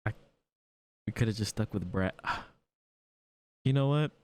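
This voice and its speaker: A man's voice: fairly low pitch, unhurried, a little mellow. A man reacting to a cartoon in casual commentary, incredulous and repeating himself. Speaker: reaction video creator.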